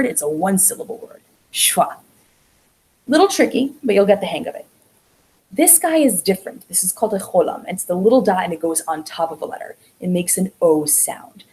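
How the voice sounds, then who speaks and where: Woman, slightly low pitch, patient online language teacher, stretches out the sounds she demonstrates. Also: a little mellow, low-quality recording. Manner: patient, explaining step by step; drawn-out sounds when showing vowels. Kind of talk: online class lecture.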